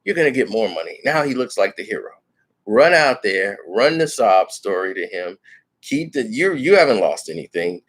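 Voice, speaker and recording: A man on a live stream telling a funny story from his own life. He narrates in an animated, conversational way. He keeps slipping into the other characters' voices as he goes. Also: on the low side, normal speed. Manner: animated, plays every character in turn. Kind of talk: comic storytelling.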